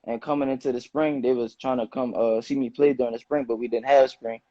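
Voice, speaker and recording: Young man with a dark, flat voice. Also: mid-range voice, brisk, no room sound. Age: late teens. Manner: relaxed, loose slangy phrasing with many "you know"s. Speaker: high school football player. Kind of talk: casual interview answers. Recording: dull, muffled dry sound.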